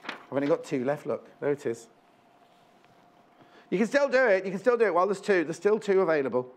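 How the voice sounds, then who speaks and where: On a live TV shopping channel, a man pitches from the studio in a brisk, high-pitched voice with big swings in pitch. He chats and rambles, counting down the remaining stock and correcting himself along the way.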